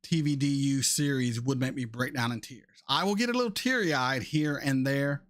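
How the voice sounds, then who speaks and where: A man in his thirties hosting a casual chat, answering viewer questions in a blunt, animated way and swearing freely. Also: mid-range voice, moderate pace. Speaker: reaction channel host.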